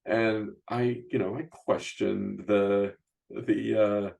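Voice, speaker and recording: A man's voice: fairly low pitch, level tone, takes it slowly, creaky, darkish tone. A middle-aged man hosting a podcast interview, chatting casually with many restarts and "you know, right?" asides. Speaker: podcast host and youth basketball coach.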